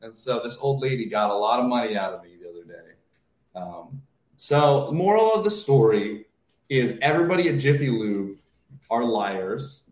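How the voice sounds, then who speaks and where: A man's voice: medium pitch, lively intonation, normal speed, a little mellow. A man co-hosting a casual comedy chat, telling stories and acting out other people's lines. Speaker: co-host, stand-up comic. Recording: roomy echo.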